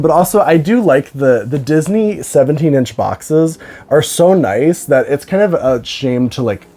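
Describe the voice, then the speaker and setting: In a casual unboxing vlog, a tired young woman who collects dolls chats away with a low, rumbling voice. She gets excited and emotional easily, swears freely, and laughs a lot.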